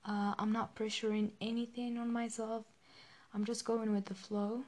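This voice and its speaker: A young woman hosting a podcast, talking through a personal reflective monologue in an emotional, halting way with many fillers and restarts. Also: fairly high pitch, flat delivery, a little mellow. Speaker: podcast host.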